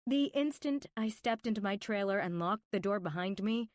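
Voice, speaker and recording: A woman's voice: mid-range voice, animated, normal speed, dry recording, clean studio sound. A woman reading a first-person romance audiobook, intimate and emotional, with whispered asides. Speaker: audiobook narrator.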